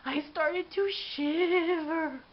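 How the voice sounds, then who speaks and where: A woman giving an expressive, dramatic read-aloud of a children's storybook. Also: extremely high pitch, extremely slow. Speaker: storybook reader. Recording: dull lo-fi with faint hiss.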